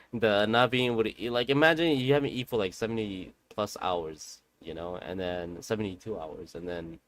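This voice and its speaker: A man with a somewhat low voice chats casually to viewers while he plays a game. He rambles and repeats himself, with slang and the odd curse, as he spins a family story for his audience. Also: normal speed, fairly bright tone. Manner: loose, rambling, talks straight to viewers with slang and swearing. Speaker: game streamer.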